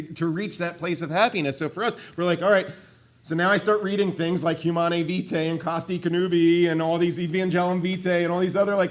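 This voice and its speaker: A middle-aged man giving a personal faith testimony, animated in places and hushed and earnest in others. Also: fairly high pitch. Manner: animated, shifts between excited and hushed earnest tones.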